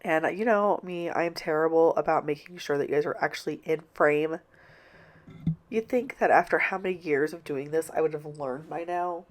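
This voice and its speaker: A woman's voice: low voice, normal speed. A middle-aged woman with a stuffed-up nose from a cold, chatting casually and apologetically in a home voiceover. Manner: apologetic, rambling. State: congested, stuffy-nosed from a cold. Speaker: planner vlogger. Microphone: home voiceover mic.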